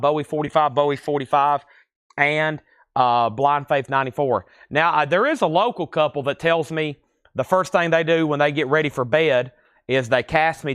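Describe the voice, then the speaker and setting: A man with a lilting Tennessee accent hosting a live-stream record sale, reading titles, conditions and prices in a steady, easy patter. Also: mid-range voice, clean tone, dry recording, studio quality. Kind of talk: live-stream auction selling.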